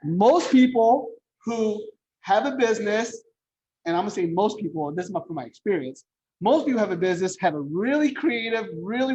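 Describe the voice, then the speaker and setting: A man's voice: high-pitched, husky, muffled recording. A man presenting a home buying workshop as a loan officer, talking bluntly and repeating his key points.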